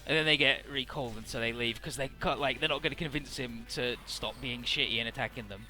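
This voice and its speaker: Let's-play host, man, rambling and profane, bright tone, faint game music. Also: mid-range voice, quick pace. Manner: rambling, profane, loose summarizing. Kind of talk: casual game commentary.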